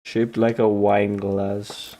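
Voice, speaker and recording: A man's voice: on the low side, level tone, slow, dark tone. A man chatting playfully to himself while he draws, giggling often. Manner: giggly, playful self-talk. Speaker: online artist. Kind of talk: casual talk while drawing.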